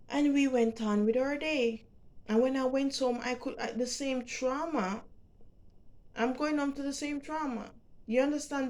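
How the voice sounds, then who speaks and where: A middle-aged woman with a Jamaican accent, telling a personal story to camera in a halting, heartfelt way, often repeating words. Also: high-pitched, darkish tone. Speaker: vlogger.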